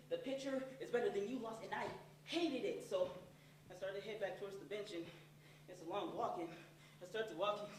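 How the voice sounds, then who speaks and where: A man performing a one-man stage monologue, animated, swinging from hushed to shouting, recorded from far off on a stage. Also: high-pitched. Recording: far-off echoey stage recording, faint noise.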